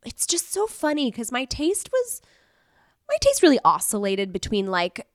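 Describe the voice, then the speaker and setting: A woman's voice: a little high, huge pitch swings, moderate pace, dry recording. Giggly rambly woman, 30s, podcast host, voice all over the place, dry close mic. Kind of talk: casual chat, reading old diary entries aloud.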